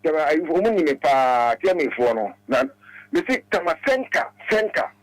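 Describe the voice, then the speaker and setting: A man calls a radio show and stumbles through broken English. His voice sits a little high and sounds dry and close. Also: very animated, normal speed, no room sound, poor audio. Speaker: radio caller. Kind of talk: phone-in talk.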